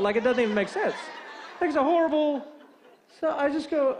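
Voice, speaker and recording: A man's voice: extremely high pitch, a little fast, darkish tone. A man preaching a sermon, telling a funny story and acting out both sides of a phone call. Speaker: pastor.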